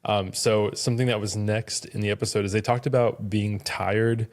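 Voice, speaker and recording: A man's voice: on the low side, fairly even intonation, moderate pace, a little mellow. A man co-hosting a podcast, chatting casually and rambling with plenty of fillers. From Florida. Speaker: podcast co-host. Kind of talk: casual chat.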